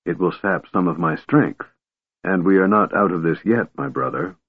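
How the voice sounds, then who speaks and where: A man's voice: sits low, normal speed, husky, no echo. A man voicing a cold, aloof young male mage who speaks in clipped commands. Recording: tinny phone-like band, dry.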